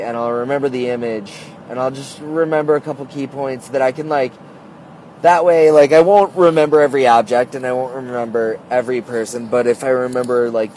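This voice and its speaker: A man's voice: medium pitch, darkish tone, a little hiss or hum. A man telling a story in a casual, rambling monologue, full of "like" and "uh", recorded on a phone. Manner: rambling, heavy use of "like" and "uh".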